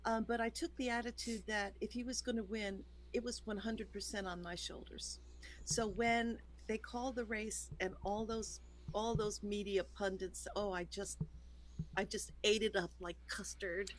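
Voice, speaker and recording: A woman's voice: mid-range voice, fairly even intonation, normal speed, slight background noise, poor audio. A woman songwriter, a guest in a casual interview, speaking in a folksy, emphatic way.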